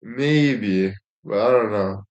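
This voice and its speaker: A man's voice: on the low side, takes it slowly, highs cut off. A man chatting casually as a streamer, rambling along with heavy swearing and plenty of filler words. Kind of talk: casual chat.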